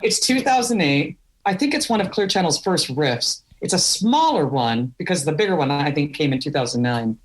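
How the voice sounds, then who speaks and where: Middle-aged woman guest, lower voice, lively candid storyteller who laughs easily. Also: normal speed, hardly any pauses. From Wisconsin, US. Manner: animated, candid, laughs through stories. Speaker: podcast guest. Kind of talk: storytelling interview.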